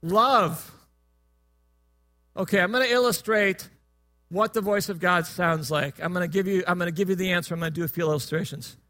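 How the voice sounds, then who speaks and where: A man preaching a sermon in a relaxed, conversational way, joking with his listeners and asking them questions. His voice is strikingly high for a man and bright in tone. He shifts easily between teaching and humor. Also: fast talker.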